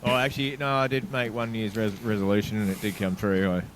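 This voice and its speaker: A man's voice: lowish voice, little pitch movement, fast, slight background noise. A man co-hosting a podcast, telling stories and laughing often. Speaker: podcast co-host. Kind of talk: casual storytelling chat.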